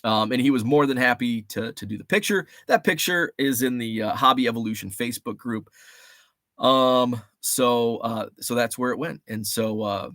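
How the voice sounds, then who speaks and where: A man's voice: medium pitch, normal speed, a bit bright, no echo. Chatty man with a dry close sound. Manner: rambling, chatty, laughs often, reads chat aloud. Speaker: livestream host. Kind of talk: casual livestream chat.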